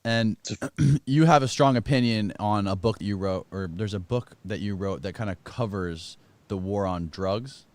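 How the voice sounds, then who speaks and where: A man with a low voice hosting an interview. He feels his way through his questions and rewords them mid-sentence. The recording is dry and close. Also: a little mellow, no echo. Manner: halting, rephrasing his questions as he goes. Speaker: interview host.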